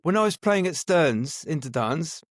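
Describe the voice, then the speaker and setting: A man's voice: a little high, lively intonation, moderate pace, dry recording, clean studio sound. A middle-aged man, a DJ guest, telling stories in a reflective way with many restarts. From England. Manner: reflective, restarts phrases often. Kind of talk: casual interview storytelling.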